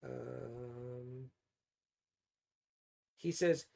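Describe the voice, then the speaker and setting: A man co-hosting a casual comics review, reading passages aloud and reacting with animated, profane enthusiasm. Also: mid-range voice, fairly quick. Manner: animated, swears freely, often says "you know what I mean". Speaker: podcast co-host reviewing comics.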